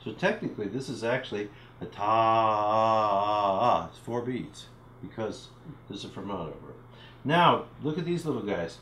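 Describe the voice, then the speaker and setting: A man's voice: on the low side, lively intonation, measured pace, a bit bright, roomy sound, a little hiss or hum, low-quality recording. A man teaching a recorded music literacy lesson from home, explaining symbols and chanting rhythm syllables as he counts. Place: home room.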